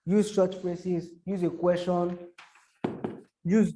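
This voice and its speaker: A man's voice: sits high, flat delivery, warm tone. A man teaching how to write social media captions, repeating himself and breaking off into spoken examples. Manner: repetitive, halting, gives spoken examples. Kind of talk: explaining to a small audience.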